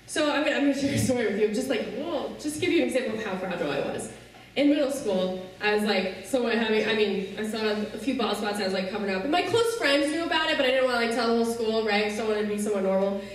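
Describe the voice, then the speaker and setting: A woman with a high voice tells her personal story to a youth audience, earnestly and often checking in with them. She is heard from across a large, very echoey hall, a little distant from the mic, with faint noise behind her. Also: quick pace. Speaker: speaker addressing a youth audience. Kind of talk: personal testimony talk.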